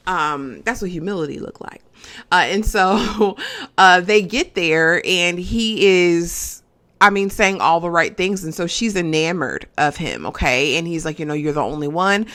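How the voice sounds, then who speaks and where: A woman's voice: lowish voice, unhurried. Chatty woman reviewing a reality show. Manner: chatty, animated, asks the viewer "okay?". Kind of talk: casual recap and review.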